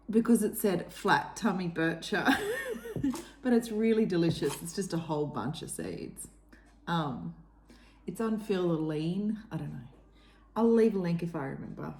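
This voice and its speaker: A woman's voice: mid-range voice, a little mellow, slight background noise. A woman in her thirties chatting casually to camera as a vlogger, rambling along with frequent little laughs. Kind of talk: casual vlog chat.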